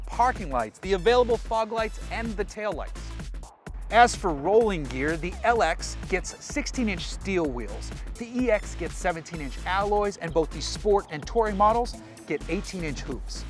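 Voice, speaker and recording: A man presenting a car review in an upbeat, enthusiastic and conversational way. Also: high-pitched. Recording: voice with background music.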